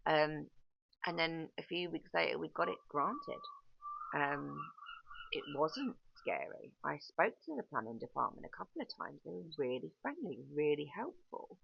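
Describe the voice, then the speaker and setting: A woman who manages building sites and owns a pub, talking frankly and casually, often correcting herself and filling pauses with ums. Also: low-pitched, animated, creaky, breathy edge, dry recording. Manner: chatty, frank, self-correcting with frequent ums. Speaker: site manager and pub owner. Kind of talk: candid casual monologue. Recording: dull lo-fi, dry sound.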